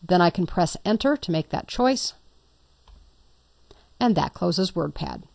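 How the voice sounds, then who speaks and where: A woman's voice: on the low side, expressive, measured pace, creaky, darkish tone, no echo, clean studio sound. A woman instructor talking through a computer tutorial step by step, patient and lightly playful. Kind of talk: screen-recorded software tutorial.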